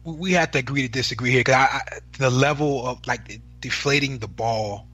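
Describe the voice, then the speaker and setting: A man in a heated sports debate who talks in a halting way, with frequent restarts and stammers. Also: medium pitch, bright, forceful tone, slightly rough.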